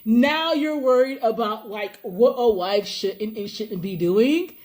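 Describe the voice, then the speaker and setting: A woman chatting casually about a reality show, animated, laughing often and acting out what people said. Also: on the high side, a little slow. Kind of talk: casual reaction chat.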